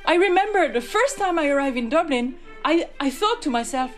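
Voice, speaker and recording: A woman from France with a French accent, telling her story in an interview, animated and laughing easily. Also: high-pitched, brisk, faint music behind. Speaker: interviewee, class organiser.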